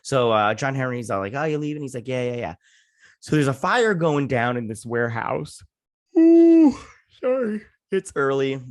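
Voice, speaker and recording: A man's voice: medium pitch, moderate pace, no echo, clean studio sound. A man hosting a review show, giving a loose, rambling recap of an episode with many fillers and casual swearing.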